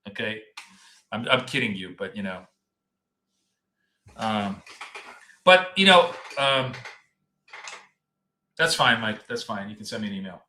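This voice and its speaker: A man's voice: on the low side, animated, unhurried, long pauses, pushed and bright, slight background noise. A man hosting a live trading stream, chatting casually and rambling as he talks straight to his viewers. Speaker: trading coach and stream host. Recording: echoey room.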